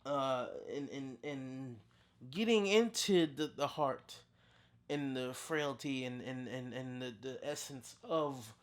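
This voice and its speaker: A reviewer in their thirties giving a casual, unscripted film review as a channel host, excitable and full of restarts. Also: slow pace. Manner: excitable, with big pitch jumps and frequent restarts.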